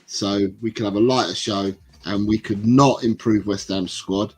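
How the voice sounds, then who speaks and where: Bloke hosting a footy stream, rambly, reads chat out loud, bit of music underneath. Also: male voice, on the low side, fairly even intonation, moderate pace, rough recording. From England. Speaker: livestream host. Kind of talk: casual football chat.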